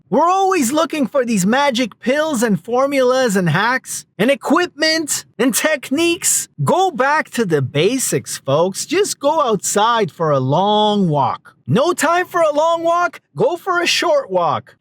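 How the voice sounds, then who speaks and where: A man talks straight to camera as a self-help coach, giving direct, step-by-step instructions and calling his listeners folks. His voice sits high for a man and moves with lively swings of pitch. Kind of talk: motivational talk to camera.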